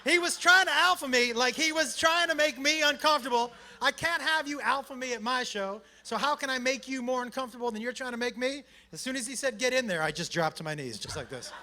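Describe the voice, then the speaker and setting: A man performing a stand-up comedy set, telling a story in a brash, loud way with shouted bursts, on a handheld mic at a comedy club. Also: very high-pitched, brisk, few pauses, background noise.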